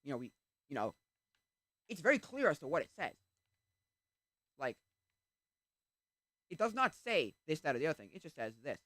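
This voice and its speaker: A man's voice: a little high, moderate pace, pauses often, no echo, clean studio sound. A man streaming a game, chatting casually in a rambling way and breaking off to react to play. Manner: rambling, animated, interrupts himself to react to the game. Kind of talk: casual chat while playing.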